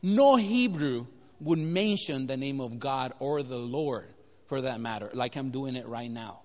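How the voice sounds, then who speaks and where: A man's voice: medium pitch, measured pace. A man preaching a sermon, telling a Bible story and quizzing his listeners. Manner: animated, asks the audience questions. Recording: echoey hall.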